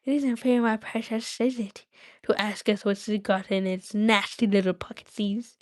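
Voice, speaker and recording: A woman's voice: medium pitch, steady tone, normal speed, natural voice. A woman voicing a slimy, sly and greedy male cave creature who hisses and whines while reading a story aloud. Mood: whining. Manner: hissing, whiny, repeats words.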